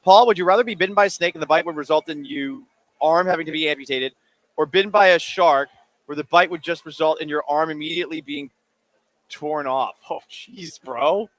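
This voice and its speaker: The speaker is a man with a fairly high pitch who talks fairly quickly. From a radio studio, he hosts a sports call-in show, chatting casually and cracking jokes about listeners' questions in an animated manner while eating, through a studio microphone.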